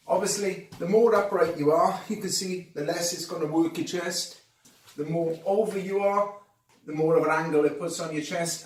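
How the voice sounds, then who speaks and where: A man's voice: fairly high pitch, a little hiss or hum. A man demonstrating exercises at home, talking through each move and getting out of breath between reps. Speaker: fitness coach. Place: home workout space. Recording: echoey room, distant camera mic.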